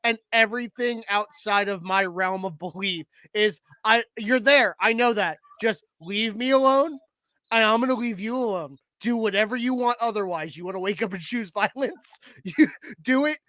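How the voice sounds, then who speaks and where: Male podcast co-host, high voice, dry close sound, laughs a lot. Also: normal speed, no echo. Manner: giggly, animated, frequent laughter. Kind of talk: casual chat.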